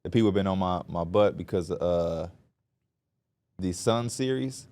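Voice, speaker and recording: A man's voice: low-pitched, unhurried, dark tone. A man with a Chicago accent co-hosting a sports podcast, joking and laughing often. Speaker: podcast co-host. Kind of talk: casual sports talk.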